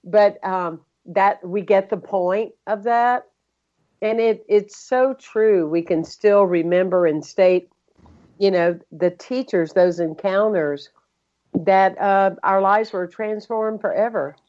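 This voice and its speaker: A woman hosting an interview who asks thoughtful questions in an unhurried way. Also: medium pitch, a little mellow, muffled recording. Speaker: podcast host. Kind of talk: conversational interview.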